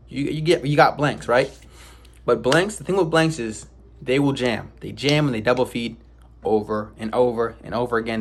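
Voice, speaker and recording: Young man, casual vlog storyteller, mid-pitched, rambling delivery full of restarts and sound effects. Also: husky. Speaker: vlogger.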